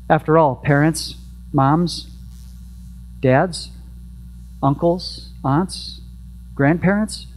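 Male pastor, fairly high voice, chatty sermon delivery with faint mains hum. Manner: conversational preaching with rhetorical questions; repeats a prayer refrain softly. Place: church sanctuary.

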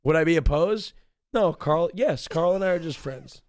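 Animated, playful man telling a story. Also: a little high, moderate pace. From Oregon, US. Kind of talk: casual chat.

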